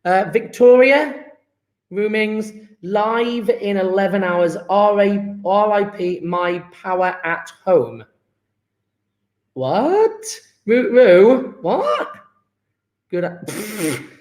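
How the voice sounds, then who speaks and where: A man's voice: high voice, slow pace, reverberant. A man, a chemistry teacher chatting upbeat and jokey with his class as he takes an online register. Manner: upbeat, joking, chatty with students.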